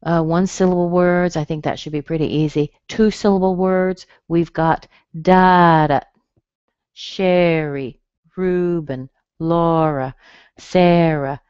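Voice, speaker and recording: A woman's voice: lowish voice, steady tone, slow, darkish tone, clean tone, dry recording. A woman teaching a pronunciation webinar, patiently sounding out the syllables of names. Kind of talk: webinar lesson. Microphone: computer mic on a webinar. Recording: dry, slightly dull webinar audio.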